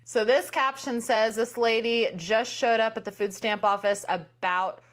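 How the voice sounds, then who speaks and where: A woman commentator reacting to clips, brisk and critical, reading captions aloud. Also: fairly high pitch, steady tone.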